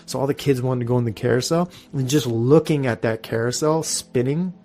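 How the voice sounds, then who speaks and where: A man in his thirties with a gravelly, fry-edged voice, spinning a story as a podcast host. He talks in a loose, animated way, swearing freely and laughing as he goes. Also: medium pitch, brisk. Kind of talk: casual storytelling.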